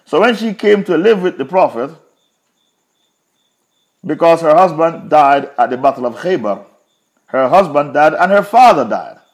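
A man's voice: a little high, animated, normal speed, pauses often. A man teaching a Quran commentary lesson, retelling a story with emphatic repetition.

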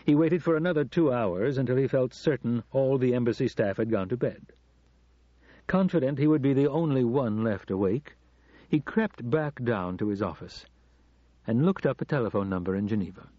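A man reading an audiobook in measured, suspenseful scripted narration. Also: mid-range voice, expressive, no room sound. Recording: muffled cassette audiobook.

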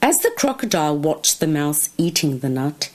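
A woman reading a children's story aloud with slow, expressive, drawn-out phrasing. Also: low voice.

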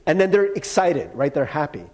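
A man's voice: fairly high pitch, expressive, normal speed, a little mellow. A male pastor preaching a sermon in a casual, storytelling way, with humor. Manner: conversational storytelling with humor and acted quotes.

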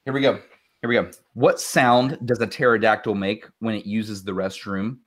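A man's voice: on the low side, steady tone, normal speed, a bit bright. A young man hosting a casual show, reading listener jokes aloud, laughing often and swearing casually. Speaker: show host.

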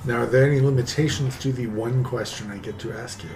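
A man playing a tabletop game, asking about the rules and speaking as his prince. His voice is mid-pitched, with clear noise behind it. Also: fairly even intonation, quick pace, a little mellow. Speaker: player.

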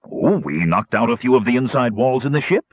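A man's voice: mid-range voice, lively intonation, brisk, slightly rough, no room sound, phone-quality sound. A man voicing a little male gnome tinkerer who talks in a chirpy, matter-of-fact way.

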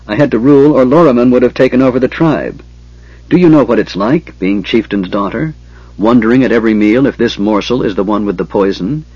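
A man's voice: mid-range voice, a little mellow, husky, no echo, dull audio. A man reading aloud, voicing a grieving young chieftain woman with emotional delivery. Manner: emotional, pleading then angry.

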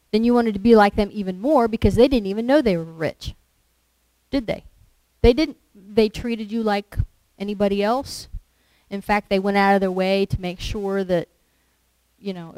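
A woman preaching in a chatty, everyday way, throwing rhetorical questions at her listeners. Her voice sits at an ordinary middle pitch. The sound is dry and close, with no room echo. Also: a little mellow. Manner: conversational, with rhetorical questions and acted quotes. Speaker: lay preacher. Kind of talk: sermon.

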